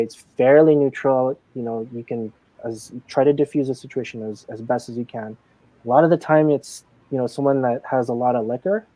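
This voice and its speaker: A chatty man recounts his days as a casino games manager in a relaxed, rambling way, often acting out the people he met. His voice is mellow and dark, and the sound is close and dry. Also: medium pitch, brisk, no echo. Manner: chatty, full of fillers and acted-out quotes. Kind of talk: casual interview storytelling.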